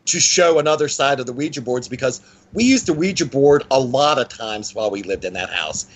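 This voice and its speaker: Male guest, lively conversational storyteller with a mid-range voice. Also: low-quality recording. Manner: animated, with frequent pitch swings and restarts.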